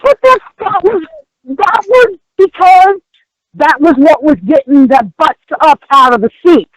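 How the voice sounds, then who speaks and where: An older woman, a former wrestler, chatting as a podcast guest and telling animated, emphatic stories. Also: sits high, unhurried, dry recording, low-quality recording. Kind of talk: casual podcast chat.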